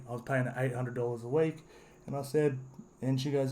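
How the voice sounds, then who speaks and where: A man talks through his opinion in a loose, rambling monologue, restarting sentences and leaning on "you know". His voice sits at an ordinary middle pitch. Faint background noise sits under the recording. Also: little pitch movement, fairly quick, a little mellow. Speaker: sports commentary vlogger.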